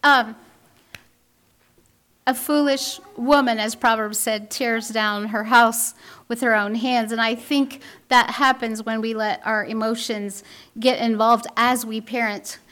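A high-pitched woman speaks at an unhurried pace, giving a faith-based parenting talk. She is earnest and dryly humorous, and she acts out the voices she quotes. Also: steady tone, a bit bright.

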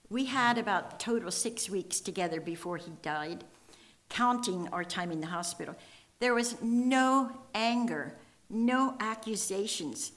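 A woman's voice: fairly high pitch, fairly bright tone. An older woman telling a personal faith testimony in an earnest, emotional storytelling manner, voicing the people in her story. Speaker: speaker sharing a testimony.

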